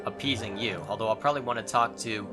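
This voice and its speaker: A man hosting a let's play, reading dialogue choices and commenting in a wry, relaxed way. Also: on the low side, fast talker, loud music behind the voice.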